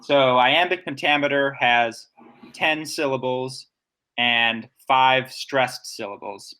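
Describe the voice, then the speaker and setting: A man co-hosts a laid-back podcast conversation, breaking ideas down with nerdy, analytical enthusiasm and leaning on examples. He speaks slowly at a medium pitch, his delivery pushed and bright with a clean tone.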